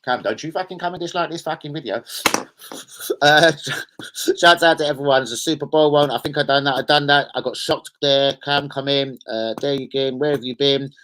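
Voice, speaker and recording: A man's voice: medium pitch, moderate pace, a bit bright, a little hiss or hum. A man hosting a football live stream, rambling casually, swearing and bantering with his viewers.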